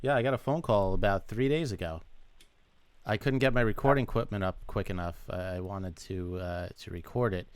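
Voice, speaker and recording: Man with a smooth, dry close voice. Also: low voice, normal speed, dry recording. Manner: laid-back storyteller, acts out the other voices in his stories. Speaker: podcast host. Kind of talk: casual comedic chat.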